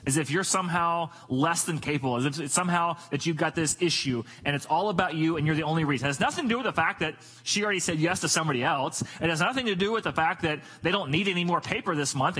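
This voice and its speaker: Husky, bright-voiced male pastor preaching. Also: on the high side, poor audio. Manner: emphatic, repetitive, uses rhetorical questions. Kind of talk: sermon.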